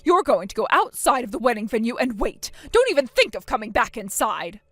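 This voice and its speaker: A stern middle-aged mother scolding her grown daughter, as a woman reads her, in a texting story. Her voice sits high and moves a lot, and the sound is close and dry. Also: big pitch swings, a little fast, no echo. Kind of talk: text-message story reading.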